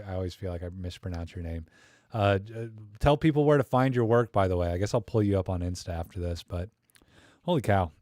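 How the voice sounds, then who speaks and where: A man's voice: fairly low pitch, darkish tone, dry recording, clean studio sound. A man hosting a live camera Q&A, chatting in a rambling, enthusiastic, slangy way. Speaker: livestream host. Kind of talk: casual live Q&A chat.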